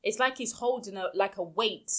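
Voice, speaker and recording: A woman's voice: medium pitch, moderate pace, bright, forceful tone. A woman hosting a casual podcast recap, blunt and exasperated in her opinions. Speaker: podcast host.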